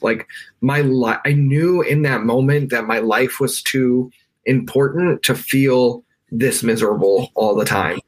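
A man's voice: mid-range voice, a little slow. American man telling a personal story. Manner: emotional, many fillers and restarts. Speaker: guest. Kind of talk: conversational storytelling. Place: his bedroom at home.

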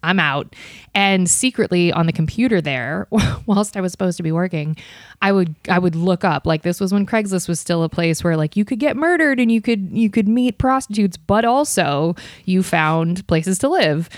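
A woman's voice: on the low side, expressive, normal speed, no echo, studio quality. A young woman from Ohio chatting as an interview guest, self-deprecating and full of fillers. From Ohio, USA. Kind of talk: casual interview chat.

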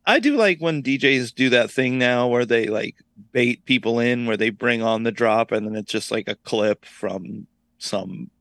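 A man co-hosting a casual podcast chat, teasing in a deadpan, joking way. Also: medium pitch, a little slow, dry recording. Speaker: podcast co-host.

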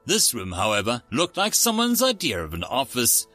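A man's voice: mid-range voice, wildly swooping pitch, normal speed, sharp tone, soft background music. A man narrating a first-person story in a wry, sardonic way.

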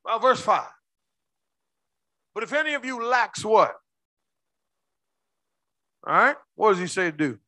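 A man preaching a sermon as pastor, quizzing his congregation with quick questions and slowing down hard to stress key words. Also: high-pitched, very animated, bright, forceful tone, dry recording. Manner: call-and-response questions to the congregation.

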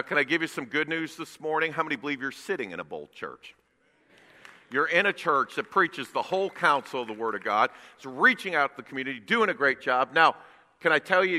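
A man preaching a sermon in a church, emphatic and rising to loud bursts. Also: fairly high pitch, in a large hall. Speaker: guest preacher. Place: church sanctuary.

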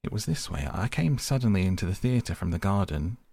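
A man's voice: fairly low pitch, very animated, fairly quick, gravelly, mellow, breathy edge, dry recording, studio quality, full character voice. A man doing a loyal, frightened old butler. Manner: earnest, plain-spoken servant speech.

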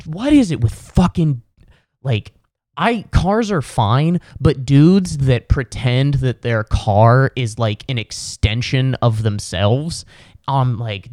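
A man's voice: mid-range voice, animated, slow pace, darkish tone, no echo, studio quality. A young man hosting a casual solo podcast, telling stories in a profane, exasperated rant. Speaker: podcast host.

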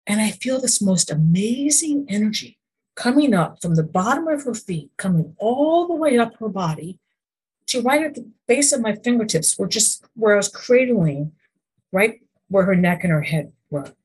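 A woman's voice: mid-range voice, animated, moderate pace, darkish tone, husky. A woman guest on a podcast interview who tells earnest, faith-based stories, often restarting and asking rhetorical questions. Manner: faith-based, speaks of God and the Lord. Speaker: guest, emotion code practitioner.

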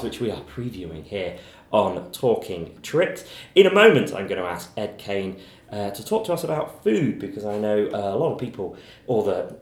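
A man's voice: on the low side, sing-song, moderate pace, darkish tone, echoey room, soft background music. A man hosting a radio preview show, reading out listings in a casual way.

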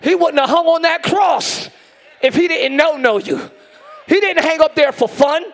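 A hoarse man preaching a shouted sermon as pastor, hollering in rhythmic repeated phrases and calling out to the congregation, recorded live in a large church. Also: extremely high pitch, unhurried. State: hoarse from screaming. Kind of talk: shouted Pentecostal-style sermon. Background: church band music.

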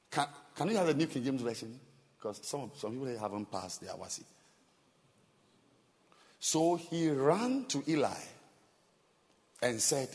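A male pastor preaching a sermon, animated and laughing, firing rhetorical questions at the congregation. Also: mid-range voice, a little slow, long pauses, big-room sound.

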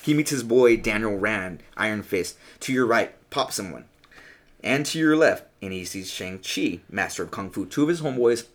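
A man's voice: on the low side, lively intonation, normal speed. A young man co-hosting a podcast, reviewing comic books in a casual, profane, rambling way, full of "dude". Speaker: podcast co-host.

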